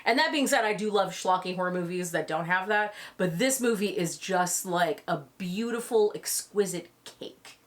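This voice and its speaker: A woman's voice: lowish voice, moderate pace, hardly any pauses. A woman co-hosting a casual film review chat who is enthusiastic, agrees often and speaks straight to listeners. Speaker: podcast co-host reviewing films.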